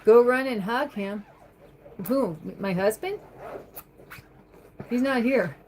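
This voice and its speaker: A woman's voice: on the high side, slow, a little mellow, a little hiss or hum, low-quality recording. A woman chatting on a livestream from her home, reading viewer comments aloud and answering them in a rambling way. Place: home, at the kitchen sink.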